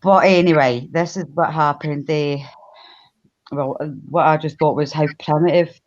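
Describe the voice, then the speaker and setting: A woman with a Glaswegian accent from Scotland co-hosts a live stream, chatting, laughing often, telling a history story and greeting the chat. Her voice sits low and darkish, with a steady tone and moderate pace. The sound is lo-fi.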